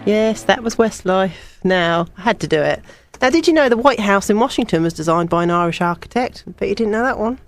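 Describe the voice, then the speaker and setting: A woman's voice: mid-range voice, expressive, a little fast, faint music behind. Chatty woman radio DJ. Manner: chatty, personal asides between songs. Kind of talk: student radio show presenting.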